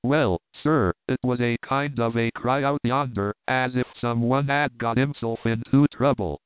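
A man voicing a rough country ostler who drawls in rustic dialect and drops his g's. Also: mid-range voice, a little slow, no echo, natural voice. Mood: plain. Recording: dry, narrow phone-like sound.

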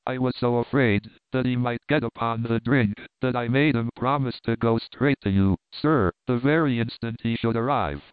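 A man's voice: mid-range voice, moderate pace, few pauses, clear, resonant tone, no room sound, natural voice. A man reading the part of a burly, good-natured older male blacksmith and prizefighter who speaks plainly and heartily. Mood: earnest. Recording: tinny narrow-band, dry.

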